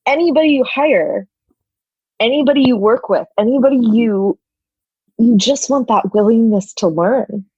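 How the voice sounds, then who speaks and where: A woman with a slightly high, breathy voice speaks at a moderate pace as a podcast guest, a people and culture officer. The interview talk is casual and animated, packed with "like" and "you know," and the recording is lo-fi with no room sound.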